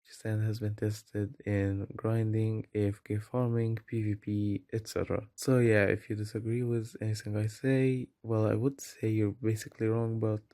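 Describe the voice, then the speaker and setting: Flat-voiced man ranking game characters. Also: fairly low pitch, normal speed, few pauses, dry recording. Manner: self-deprecating, apologetic asides. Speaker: gaming video creator. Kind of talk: game tier-list commentary.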